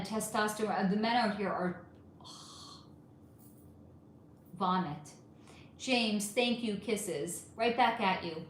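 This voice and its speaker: A woman hosting a casual live stream, reading chat questions aloud and answering them frankly, with some swearing. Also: a little high. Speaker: livestream host reading chat. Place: home room. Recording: roomy echo with faint ambient noise.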